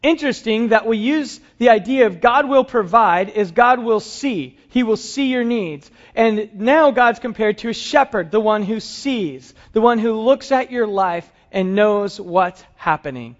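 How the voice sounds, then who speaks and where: A man's voice: sits high, a little slow. A man preaching a conversational sermon to his congregation, with light humor. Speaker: pastor. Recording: dull lo-fi sound.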